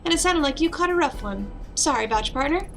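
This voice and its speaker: A woman's voice: sits high, lively intonation, quick pace, a bit bright, voice pushed up. A woman voicing a friendly, talkative male police officer with a folksy drawl in a game, over background music. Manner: drawling, uses y'all.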